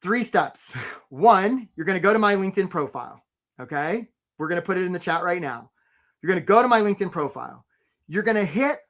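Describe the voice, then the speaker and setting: A man's voice: high voice, a bit bright. A man hosting a live career webinar, talking energetically and conversationally and often checking in with "right?".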